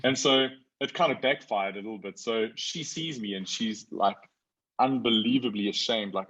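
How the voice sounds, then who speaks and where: A man in his forties telling a story as a guest in a casual conversation, lively when he quotes others. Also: lowish voice, moderate pace, dull audio.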